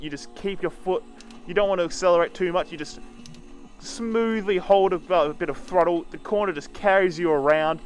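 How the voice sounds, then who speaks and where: A man streaming a racing game, casually talking through each corner as he drives and swearing now and then. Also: fairly high pitch. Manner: casual, swears, talks while driving. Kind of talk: live sim-racing commentary.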